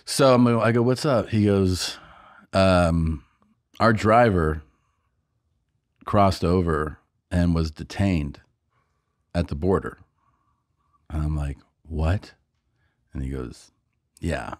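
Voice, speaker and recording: A man's voice: low-pitched, takes it slowly, pauses often, dry recording, clean studio sound. A man on a podcast, casually telling a long story, acting out other people's lines and laughing often. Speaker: podcast co-host and comedian.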